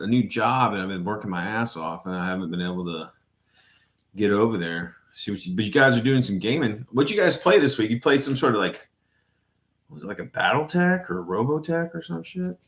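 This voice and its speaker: A man with a slightly low voice hosts a casual livestream, greeting viewers in chat by name. His talk is loose and rambling, full of swearing and restarts, spoken into a webcam setup. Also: big pitch swings, a little fast, fairly bright tone. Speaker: livestream host.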